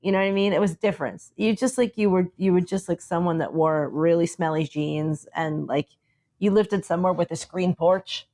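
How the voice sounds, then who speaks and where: A woman co-hosting a podcast, chatting casually and telling an animated story, acting out the dialogue and saying "like" often. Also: fairly low pitch, brisk. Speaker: podcast co-host. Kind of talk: casual chat.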